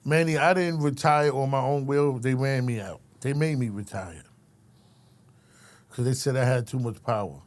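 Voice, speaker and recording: In casual conversation, a middle-aged man who once worked as a correctional officer tells an animated story in a medium-pitched voice at a moderate pace. He talks streetwise and swears freely, says his listener's name repeatedly, and acts out the people he describes.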